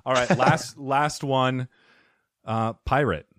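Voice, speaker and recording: A man hosting a comedy podcast, setting up bits and tossing in quick jokes during casual chat. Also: medium pitch, fairly even intonation, fairly bright tone, no room sound, clean studio sound. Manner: sets up bits, plays along with quick jokes. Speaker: podcast host.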